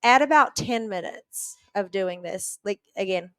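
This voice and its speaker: A woman's voice: mid-range voice, lively intonation, unhurried, fairly bright tone, clean tone, dry recording. A woman guest on a podcast vividly retelling a story, with lots of "like" fillers. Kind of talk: conversational storytelling.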